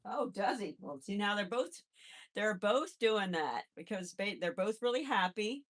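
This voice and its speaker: A woman's voice: mid-range voice, animated, measured pace, fairly bright tone. A woman hosting a casual live chat, handling her pets and cooing to them in baby talk between replies to viewers. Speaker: live-stream host and rabbit foster carer.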